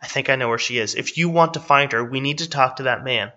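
A man voicing a determined young woman investigator who speaks insistently and forcefully. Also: mid-range voice, fast talker, close to an everyday voice. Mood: urgent. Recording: slightly dull, lo-fi.

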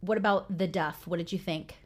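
A woman's voice: fairly low pitch, fairly even intonation, fairly quick, breathy edge. A young adult woman co-hosting a podcast in casual chat, chatty and upbeat. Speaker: podcast co-host.

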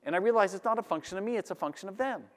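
A man giving a lively talk to a live audience, acting out the voices of the people he describes. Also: high voice, racing. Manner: animated, acts out audience voices. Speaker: public speaker. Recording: long hall reverb.

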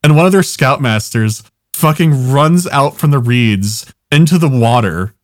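A man's voice: medium pitch, expressive, measured pace, dry recording, clean studio sound. A young man casually telling a long, rambling story on a podcast, swearing often and laughing at his own jokes.

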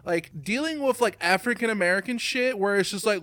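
A man's voice: high-pitched, fairly quick. A man in casual chat who swears freely, laughs often and mocks things in put-on voices. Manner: animated and profane, laughs often; slips into mocking voices to make a point.

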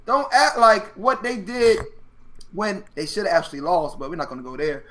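A man's voice: high voice, normal speed. A man co-hosting a casual sports chat, telling stories with energy, acting out players' reactions and laughing often. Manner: animated storytelling, acts out players' reactions. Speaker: sports podcast co-host.

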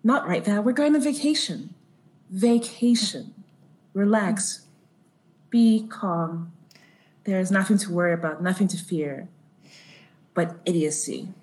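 A woman doing a stern, sharp-tongued protector. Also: lowish voice, unhurried, pauses often, natural voice, low-quality recording. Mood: soothing. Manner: firm, soothing, scolding.

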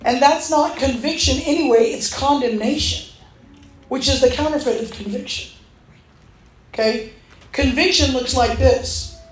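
In an echoey church hall, a woman with a high voice preaches a sermon, speaking unhurriedly with long pauses. She tells stories animatedly, acting out the voices of the people in them.

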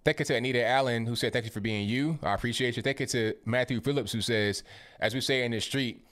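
A man's voice: medium pitch, fast, fairly bright tone. A man hosting a casual commentary livestream. He reads viewer comments aloud one by one and responds with blunt rhetorical questions and conversational slang. His delivery is informal and often stumbles into repeated words.

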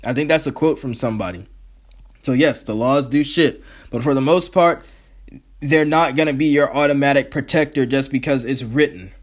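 A man's voice: medium pitch, normal speed. A man hosting his own podcast, ranting in a heated, profane, rambling way. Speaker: podcast host. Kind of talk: solo podcast rant.

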